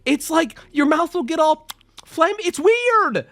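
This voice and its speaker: A man hosting a live stream, telling a story to his chat in a casual, exasperated, animated way with frequent restarts. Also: very high-pitched, slow, soft background music. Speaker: streamer and host.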